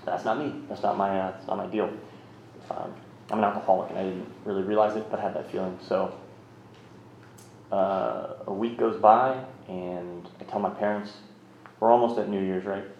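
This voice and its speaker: A man in his thirties tells his own recovery story candidly, rambling and poking fun at himself. His voice sits on the low side, steady in tone and moderate in pace. The recording is roomy and slightly muffled, with slight background noise.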